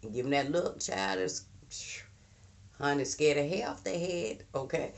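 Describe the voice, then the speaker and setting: Gravelly woman telling old-school stories. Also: sits low, measured pace. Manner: animated, emphatic, mimics voices for quoted people. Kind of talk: casual storytelling monologue.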